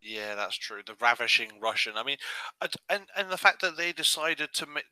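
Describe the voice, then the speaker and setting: A man talks through a casual podcast chat with a very bright, crisp tone. He rambles a little and restarts his sentences. The sound is dry and close. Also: medium pitch, expressive, moderate pace, no room sound, rough recording. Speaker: podcast co-host.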